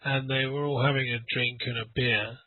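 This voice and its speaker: A man teaching English in a relaxed conversation lesson, a chatty storyteller who laughs often. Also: medium pitch, fairly quick, noisy background. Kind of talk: casual conversation lesson over a call. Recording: phone-like dry audio call.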